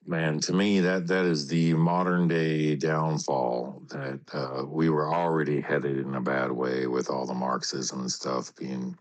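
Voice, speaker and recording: A man's voice: extremely low pitch, level tone, a little slow, few pauses. A man ranting in a rambling, emphatic way during a casual political chat.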